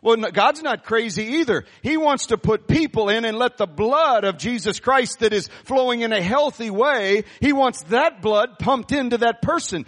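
A man preaching a sermon as pastor, animated and calling on the congregation to respond. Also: very high-pitched, big-room sound. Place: church sanctuary.

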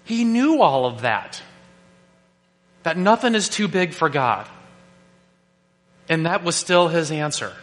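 A male pastor preaching a sermon, animated and joking, who keeps asking rhetorical questions. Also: a little high, slow pace, pauses often. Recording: long reverb of a large hall.

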